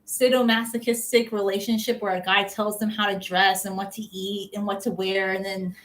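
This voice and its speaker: A woman's voice: mid-range voice, flat delivery, normal speed, fairly bright tone, poor audio. A young adult woman chatting casually to camera as a vlogger, opinionated and full of "like" fillers.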